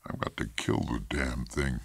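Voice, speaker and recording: A man's voice: extremely low pitch, sing-song, measured pace, gravelly, husky, no echo, heavily acted. A man reading a story aloud, voicing a nervous, hesitant husband afraid of a hunt. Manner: anxious, hesitant. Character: nervous, frightened American husband hunter.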